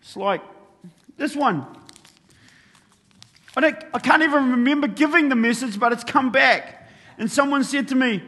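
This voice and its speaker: A man preaching a sermon, telling everyday stories with animated delivery and acting out his own thoughts. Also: very high-pitched, normal speed. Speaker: pastor. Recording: long reverb of a large hall.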